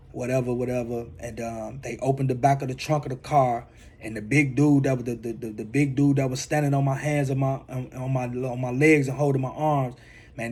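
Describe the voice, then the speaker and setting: A man's voice: mid-range voice, a little mellow, slightly rough. A man, a motivational speaker, telling a personal testimony and repeating phrases for emphasis.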